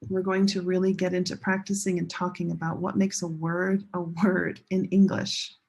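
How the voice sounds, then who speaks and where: A woman teaching a pronunciation lesson, leading learners through slow chanted drills. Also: medium pitch, creaky, darkish tone, husky. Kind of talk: classroom lesson.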